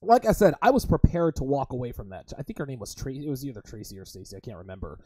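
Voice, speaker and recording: A man's voice: medium pitch, big pitch swings, fast, dark tone, husky, no echo. A man hosting a livestream podcast, talking crudely and emphatically and repeatedly calling his listeners guys. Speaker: host.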